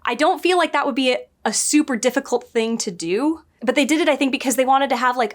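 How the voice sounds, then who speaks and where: A woman giving a casual spoken review, chatty and digressive, often laughing and adding quick asides. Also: sits high. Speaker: book and show reviewer.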